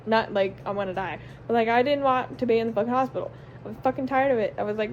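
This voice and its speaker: A young stay-at-home mom tells a personal story to camera, casual and candid, in a fairly high, darkish voice at a very fast pace with slight background noise. She swears constantly and strings run-on sentences together with lots of "like" and "um."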